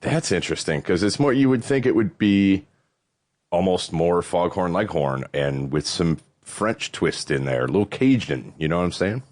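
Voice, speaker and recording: Low-voiced, animated man chatting. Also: moderate pace, dry recording. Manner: rambling, swears casually, lively rises in pitch. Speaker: podcast co-host. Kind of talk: casual chat.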